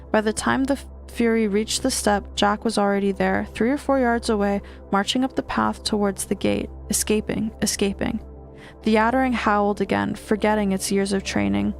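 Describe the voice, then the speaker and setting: A woman streamer reading a horror book aloud, steady with small stumbles and restarts. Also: mid-range voice, creaky.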